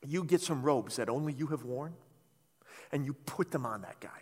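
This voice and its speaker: A man's voice: medium pitch, expressive, moderate pace, slightly rough, pitched below the performer's own voice. A man voicing a vain, scheming royal official who speaks smugly, recorded in a reverberant hall. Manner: smug, self-assured.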